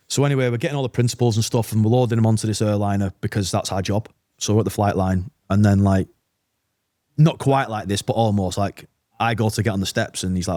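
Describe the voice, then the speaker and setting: A man's voice: fairly low pitch, steady tone, fast, mellow, dry recording, studio quality. A British man, an army veteran, telling a war story bluntly with swearing and quoted dialogue in a casual podcast interview.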